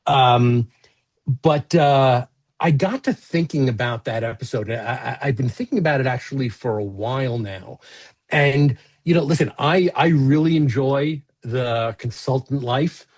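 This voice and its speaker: A man's voice: mid-range voice, a little slow, darkish tone. A middle-aged man co-hosting a podcast, talking in casual, rambling chat with lots of fillers, restarts and swearing. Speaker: podcast co-host.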